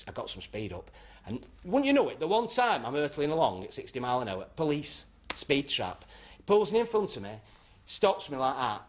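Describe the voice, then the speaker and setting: An actor playing a brash club comedian, telling rambling anecdotes that end in punchlines. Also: male voice, mid-range voice, close to an everyday voice. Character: brash northern male club comic. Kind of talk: stand-up routine.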